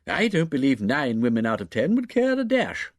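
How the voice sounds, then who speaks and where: A man's voice: medium pitch, wildly swooping pitch, moderate pace, no echo, studio quality, voice pushed up. A man voicing a blunt, outspoken middle-aged woman who is a college dean, in a brusque, dismissive manner.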